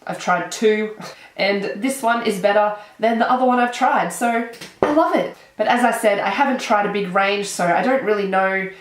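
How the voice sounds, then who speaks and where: Young Australian woman, stuffy-nosed from a cold, chatty and excitable; mid-height voice in an echoey room. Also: mid-range voice. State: nasal from a cold. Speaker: beauty vlogger. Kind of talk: casual chat.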